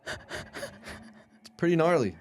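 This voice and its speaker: A man's voice: on the high side, big pitch swings, drawn-out words. A young man in casual podcast chat, rambling and swearing with lots of fillers. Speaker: podcast guest.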